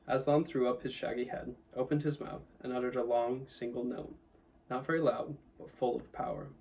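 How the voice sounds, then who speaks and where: A man reading a children's novel aloud in a steady, even storytelling manner, a little away from the mic. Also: medium pitch, moderate pace, gravelly, far from the mic, rough recording. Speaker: audiobook reader. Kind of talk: storybook narration.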